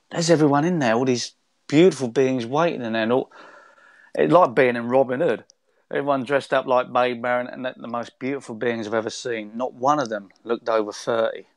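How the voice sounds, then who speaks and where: A man's voice: medium pitch, brisk, dry recording. A man, a guest telling a long spiritual story in a rambling, conversational way with many restarts.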